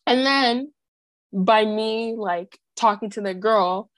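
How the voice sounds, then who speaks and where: Speaking slowly in a voice on the high side, a young podcast co-host chats through a story, saying "like" constantly and performing the quoted lines. The recording has no echo.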